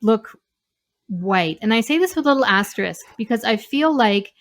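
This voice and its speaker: A woman hosting a podcast, chatting candidly with a guest in a relaxed interview and laughing easily. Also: a little high, normal speed. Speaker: podcast host. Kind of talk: casual interview chat.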